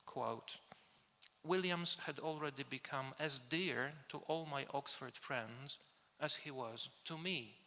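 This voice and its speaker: A man delivers an academic conference lecture, his voice gravelly and bright-edged. He speaks hesitantly, filling pauses and restarting phrases. The sound rings with the long reverb of a conference hall. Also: mid-range voice. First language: Polish.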